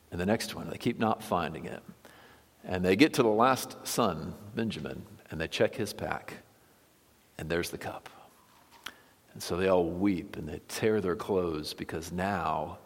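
A male pastor with a fairly low voice walks his congregation through a Bible story in a relaxed, conversational sermon. His words ring out with a long reverb from a church hall. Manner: casual storytelling with lively asides. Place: church sanctuary.

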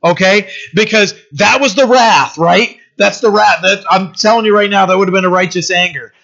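A man's voice: high voice, normal speed, gravelly, bright, forceful tone. A middle-aged man from the United States, a pastor giving an informal, storytelling sermon in a loose, personal way. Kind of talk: conversational sermon. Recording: dull lo-fi recording.

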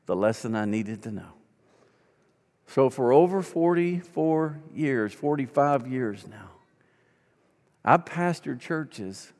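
A man's voice: on the high side, a little mellow, big-room sound. A man in his sixties, a pastor telling stories in a conversational, folksy sermon style. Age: 60s. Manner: folksy, conversational, acts out quoted dialogue. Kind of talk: storytelling sermon.

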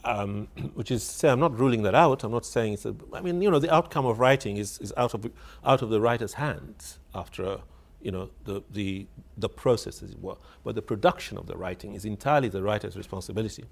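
Man, low gravelly voice, halting reflective talk, wry storytelling. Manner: hesitant, repeats words while searching for phrasing; wry, laughs while telling a story. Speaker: author interviewed on radio. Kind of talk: reflective spoken reminiscence.

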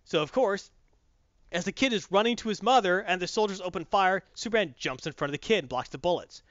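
A man casually recapping a comic story to a friend, rambling and animated, with many restarts. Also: high-pitched, fairly quick, dry recording, dull audio. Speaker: comic book discussion cohost. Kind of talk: casual recap with acted quotes.

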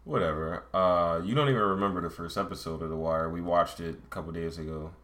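A man's voice: sits low, fast, a bit bright. A man co-hosting a casual late-night podcast from home, talking in a teasing, blunt, profane way. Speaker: podcast co-host.

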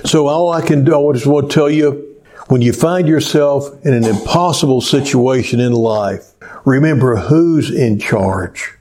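A man preaching a sermon, telling stories slowly and deliberately, dropping low and soft to stress a point. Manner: slow, deliberate storytelling with pauses.

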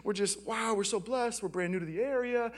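A man's voice: sits high, fairly quick, lightly acted. A man voicing an effusive, enthusiastic churchgoer who heaps on praise. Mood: gushing. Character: gushing, enthusiastic young churchgoing family member.

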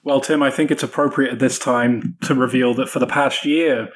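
A man with a British accent, a book author guesting on a podcast, who talks in a measured, wry way with dry humor and hesitant fillers. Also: medium pitch, fairly even intonation. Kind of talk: casual podcast interview.

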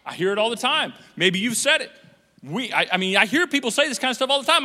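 A man preaching a sermon as pastor, animated and joking, acting out the voices of people he quotes. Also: sits high, fast talker. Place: church auditorium. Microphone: handheld microphone on stage. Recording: echoey church hall.

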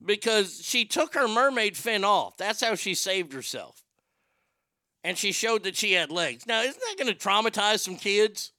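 Bright, crisp-voiced joking man. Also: high-pitched, expressive, measured pace, no room sound, studio quality. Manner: profane, joking, riffing on the news. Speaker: podcast host. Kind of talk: casual comedy chat.

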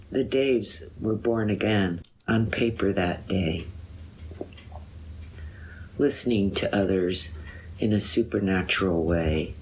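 Slow, measured woman reading her poem. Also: a bass voice, slight background noise. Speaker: poet. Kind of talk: poetry reading.

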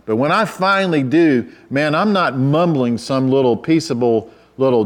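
A man preaching a sermon in a conversational way, with self-deprecating asides and restarts, who rises to loud, emphatic cries when quoting scripture. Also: medium pitch, moderate pace, hardly any pauses. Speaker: pastor.

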